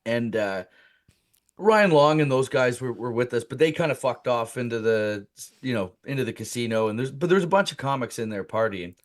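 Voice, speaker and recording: A male comedian guest telling a casual comic story, animated and laughing through it, with many fillers. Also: medium pitch, normal speed.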